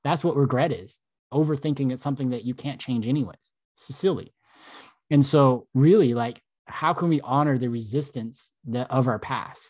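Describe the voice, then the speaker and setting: A man's voice: medium pitch, moderate pace, darkish tone, no room sound. A man co-hosting a casual podcast as a mindset coach, talking in a laid-back, reflective way with lots of "like" and "man.".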